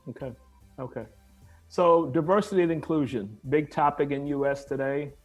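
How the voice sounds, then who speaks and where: A man hosting an interview over a video call, relaxed and affirming with short replies. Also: fairly high pitch, moderate pace, faint music behind. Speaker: interview host. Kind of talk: conversational interview.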